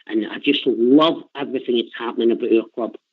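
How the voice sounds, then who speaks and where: A man's voice: mid-range voice, steady tone, brisk, husky. An older Scottish man calling in to a radio show, talking with emotional passion and repeating himself. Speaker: caller. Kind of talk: phone-in chat. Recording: tinny phone line.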